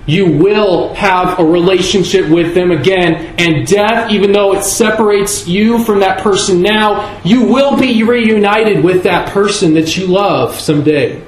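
A man preaching a sermon in a church, earnest and measured, leaning on key words with slow emphasis. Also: sits high, a little hiss or hum. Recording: echoey room with faint ambience.

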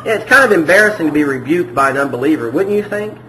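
A man's voice: a little high, lively intonation, fast talker, pushed and bright. A man preaching a verse-by-verse sermon in a conversational way, often asking the congregation questions. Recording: echoey room with faint noise.

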